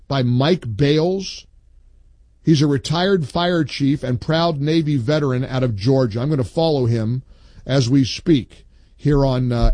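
A man hosting a call-in talk radio show, reading listener posts aloud with emphatic pauses and chatting with callers. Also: mid-range voice, warm tone, dry recording.

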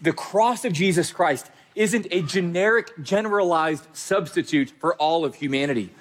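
A man's voice: fairly high pitch, moderate pace. A man pastor preaching a sermon with emphatic direct address and repeated phrases.

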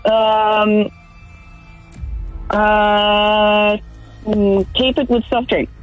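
A hesitant woman caller speaks very slowly, trailing into pauses and little laughs. Faint music plays behind her mid-pitched voice. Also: level tone, rough recording. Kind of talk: casual chat.

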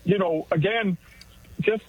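A man calling in to a radio show, speaking casually and haltingly, restarting his words. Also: sits high, breathy edge. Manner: halting, repeats words when starting. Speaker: radio caller. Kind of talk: casual call-in chat. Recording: tinny phone line.

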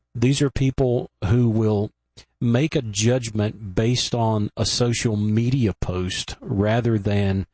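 A man hosting a radio sermon broadcast, giving a measured, explanatory introduction and pointing listeners to the archive. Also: on the low side, darkish tone, no echo.

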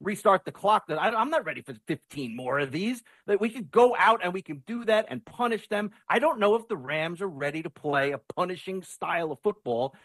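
A man talking football as a guest, animated and stumbling over his opening words. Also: high-pitched, fairly quick, few pauses, dry recording. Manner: animated, repeats words when starting sentences. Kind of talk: excited sports talk.

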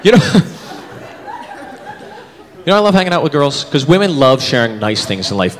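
A man in his thirties performing a stand-up comedy set, animated and jumping into character voices. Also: on the high side, fairly quick, long pauses. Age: 30s. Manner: animated, switches into voices for bits. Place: comedy club stage with live audience. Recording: reverberant club, audience laughter, room noise.

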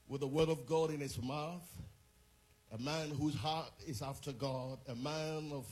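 A man's voice: on the high side, a little mellow. A man preaching as a visiting bishop from overseas, leading a sermon and prayer with fervent, rhythmic delivery and repeated phrases.

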